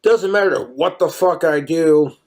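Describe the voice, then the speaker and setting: A man's voice: a little high, measured pace, darkish tone. A man doing a rambling, crude livestream monologue, telling jokes in a put-on mock Cockney accent. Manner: crude, profane joking.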